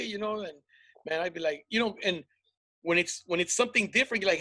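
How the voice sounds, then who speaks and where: A man hosting a comedy podcast in loose, joking talk that leans on profanity and teasing. His voice sits high and comes across bright and forceful. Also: fast talker. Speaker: podcast host. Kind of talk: casual comedic chat.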